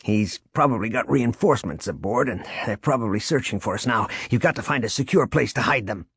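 A man voicing a wounded male intelligence officer who speaks in a raspy, urgent way. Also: mid-range voice, lively intonation, a little fast, a bit bright, exaggerated voice.

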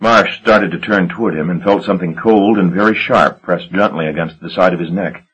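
Low, husky male audiobook narrator. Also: a little fast, hardly any pauses, fairly bright tone, dull audio. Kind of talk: scripted narration.

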